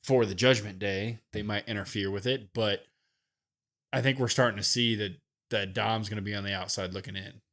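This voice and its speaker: Lower-voiced opinionated podcast co-host. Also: male voice, fairly even intonation, normal speed, fairly bright tone. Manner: opinionated, thinks aloud with fillers. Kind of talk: casual wrestling discussion.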